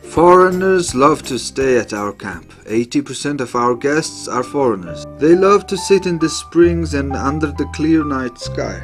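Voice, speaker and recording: A man's voice: on the high side, big pitch swings, unhurried, hardly any pauses, soft background music. A man who works at a hot spring camp, answering questions in an informative, matter-of-fact way.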